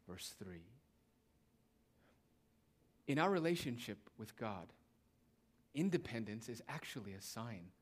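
A young man preaching a sermon, emphatic and repetitive, addressing his listeners as beloved. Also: a little high. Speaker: pastor.

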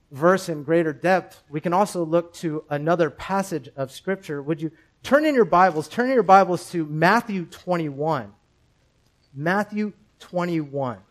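Measured preacher with a higher voice. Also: male voice, poor audio. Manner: rhetorical, measured preaching with repeated phrases. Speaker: pastor. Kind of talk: sermon.

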